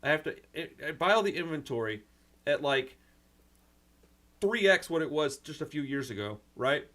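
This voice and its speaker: A man's voice: on the high side, lively intonation, normal speed, fairly bright tone. A man who hosts his own channel and runs a record store, talking in a rambling, frustrated way, close to tears. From United States. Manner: rambling, frustrated, swears mildly, says "man" and "dude" often. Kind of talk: emotional personal rant to camera.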